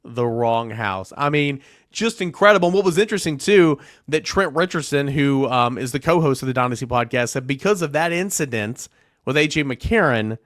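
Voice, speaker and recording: A man hosting a sports podcast, retelling a recruiting story in an animated way and acting out the quotes. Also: on the high side, brisk, no echo, clean studio sound. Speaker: podcast host. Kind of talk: casual sports podcast monologue.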